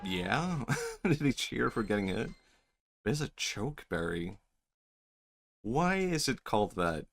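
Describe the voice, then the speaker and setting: A man's voice: medium pitch, big pitch swings, slow pace, gravelly, long pauses, a bit bright. A man streaming a video game, chatting casually, laughing often, rambling and swearing. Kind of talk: casual gameplay commentary. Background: game music.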